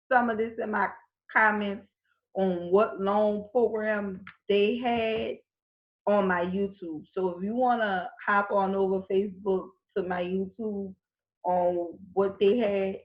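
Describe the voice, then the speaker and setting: An American woman vlogger talking casually and emphatically to camera about paying for college, gesturing with her hands as she talks. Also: mid-range voice. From United States. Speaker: vlogger giving college funding advice. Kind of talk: casual direct-to-camera talk. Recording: echoey room, dull lo-fi sound.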